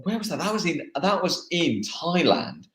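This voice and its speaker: A young English man, a motocross racer, chatting casually in a live interview, laughing and pausing on fillers. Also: fairly high pitch, very animated, fairly bright tone. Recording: echoey room.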